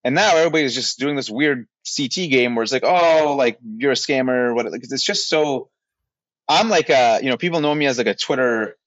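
A man in the middle of a podcast rant, blunt and exasperated, swearing as he pushes his point. His voice sits at an ordinary pitch. The audio is dry and a little muffled, like a lo-fi recording. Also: animated, a little fast, fairly bright tone, no echo. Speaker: podcast co-host. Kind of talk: heated rant in casual podcast chat.

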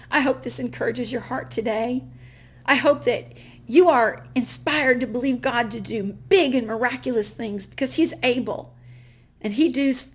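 A middle-aged woman hosting a vlog, telling a personal faith story and acting out the dialogue, her voice swinging from hushed to loud and excited. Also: on the high side. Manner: animated, gets loud and excited retelling dialogue. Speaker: vlog host.

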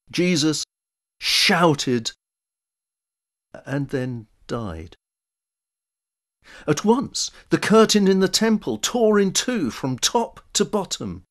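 A man giving a slow, deliberate and expressive scripted Bible reading. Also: fairly high pitch. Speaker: scripture reader.

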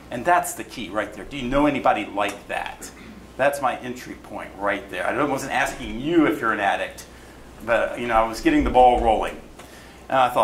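A middle-aged man tells a story at a live event and acts out each exchange with real animation. His voice sits at an average pitch. The room is echoey, with a faint hum of noise behind him. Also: brisk. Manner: animated storyteller acting out quoted dialogue. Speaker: newspaper photojournalist telling a story at an event. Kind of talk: storytelling talk to an audience. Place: event hall.

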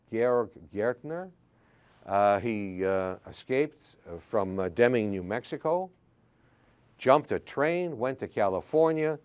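An older man, a history professor, telling anecdotes in a classroom lecture, halting with frequent fillers. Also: on the low side, clear, resonant tone, highs cut off.

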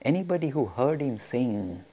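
A man teaching religious history by storytelling, animated and laughing, often restarting his sentences. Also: mid-range voice, moderate pace, a little hiss or hum. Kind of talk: storytelling lecture.

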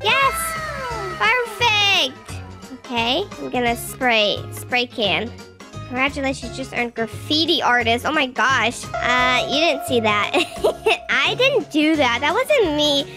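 A woman doing playful gaming commentary while she role-plays a whiny baby, pleading and excitable. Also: sits high, slow. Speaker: gaming video creator. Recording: upbeat music playing under the voice. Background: children's game music.

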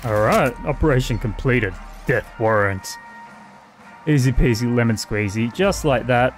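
A man's voice: medium pitch, unhurried, soft background music. A man with an Australian accent doing casual, profane let's-play commentary and talking back to the game's characters. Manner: casual, swears freely, chats to the game characters. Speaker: gaming host.

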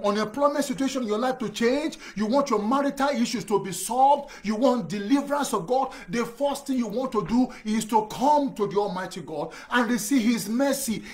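A pastor preaches in a high-pitched man's voice. He speaks emphatically, hammers home repeated phrases and turns straight to the listener as his brother or friend. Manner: direct address to the listener. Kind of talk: sermon.

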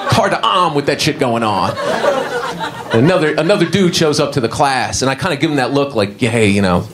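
A man tells a stand-up story in a slightly high voice, bouncing into squeaky character voices. The recording carries a clear noisy hiss behind him. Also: lively intonation, a little fast. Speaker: stand-up comedian. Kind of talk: stand-up routine.

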